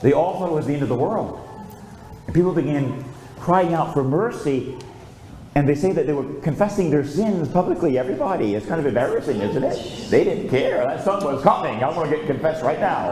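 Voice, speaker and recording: A man's voice: on the high side, dark tone, a little hiss or hum. An older man, a priest, preaching a storytelling sermon and calling out for amens. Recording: echoey room with faint ambience.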